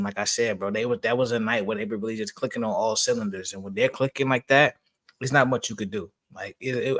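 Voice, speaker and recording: Male co-host, average pitch, relaxed slangy delivery. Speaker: podcast co-host. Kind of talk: casual sports talk.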